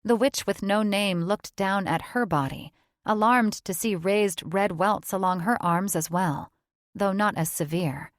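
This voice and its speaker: A woman narrating a fantasy audiobook in a measured, even storytelling manner, recorded in a studio booth. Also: medium pitch, no room sound.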